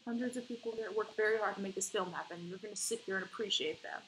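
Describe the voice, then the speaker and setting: A woman's voice: mid-range voice, fast talker, slight background noise, natural voice, rough recording. A woman reading the lines of a laid-back middle-aged dad in a dating game, easygoing and matter-of-fact.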